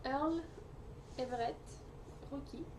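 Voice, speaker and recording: A woman's voice: high voice, slow pace, slight background noise. A woman with a French accent reading player names from trading cards in a dry, teasing casual chat.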